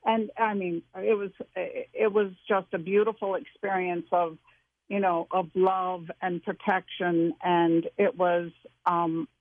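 An expressive woman guest tells a personal story with plenty of feeling. Her voice comes through a tinny, narrow phone line. The sound is close and dry, with no room at all. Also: on the low side, slow, dry recording.

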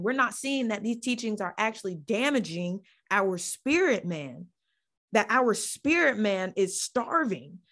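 A woman hosting a faith podcast, preaching with fervor, repeating phrases and restarting lines as her feeling builds. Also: medium pitch. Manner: fervent, repeats phrases, stumbles over restarts. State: getting emotional. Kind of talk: impassioned Christian teaching.

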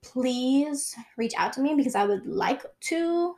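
A young woman with a slightly high voice, chatting casually to her camera as she works through a list of questions. She rambles freely, leaning on "like" and "um" as she goes. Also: expressive, measured pace, warm tone. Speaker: vlogger. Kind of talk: casual chat answering questions.

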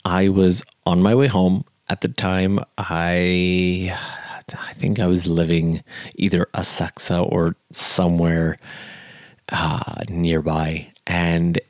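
Low-voiced man telling a story. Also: slow, dry recording. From Canada. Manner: relaxed, chatty, frequent "like" and "um". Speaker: podcast host. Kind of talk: casual storytelling.

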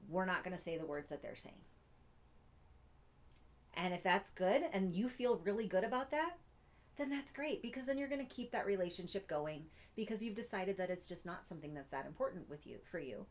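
A woman giving an earnest teaching talk, pausing often to check in with her listeners. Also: mid-range voice, lively intonation. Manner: earnest, keeps checking in with "Okay?". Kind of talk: teaching monologue.

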